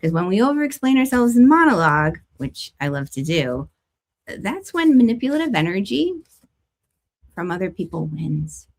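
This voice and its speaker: A woman's voice: mid-range voice, sing-song, moderate pace. A woman reading tarot cards and giving a weekly spiritual forecast, chatting casually with playful stories and asides.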